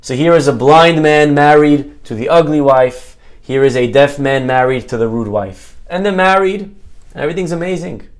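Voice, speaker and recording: A man with a fairly high voice, telling a parable with lively, joking energy. He speaks as a rabbi giving a Torah lesson, loosely and conversationally. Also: normal speed. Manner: animated, jokey storyteller. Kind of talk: storytelling Torah talk.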